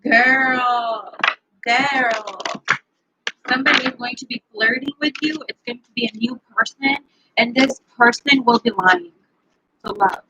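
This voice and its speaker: A woman's voice: fairly high pitch, a little slow, dull audio, background noise. A woman giving a live tarot reading, chatting playfully and addressing viewers by name. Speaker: tarot reader.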